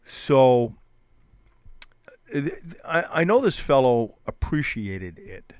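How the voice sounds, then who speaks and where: A man's voice: medium pitch, slow pace, smooth, dry recording. Rambling man telling a police story. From New Hampshire, US. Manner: rambling, many restarts, animated retelling. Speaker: police officer guest on a show. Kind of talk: casual storytelling.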